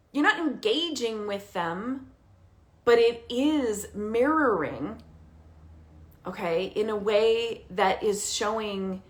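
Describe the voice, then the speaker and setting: A woman coaching parents directly, animated and emphatic, often checking in with a quick "okay?". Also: medium pitch. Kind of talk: direct-to-camera coaching talk.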